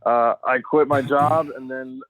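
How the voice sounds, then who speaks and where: A man's voice: mid-range voice, steady tone, measured pace, fairly bright tone. A man joining a podcast as a guest over a remote call, chatting casually in a loose, rambling way and swearing freely. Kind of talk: casual chat. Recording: tinny phone-like call line.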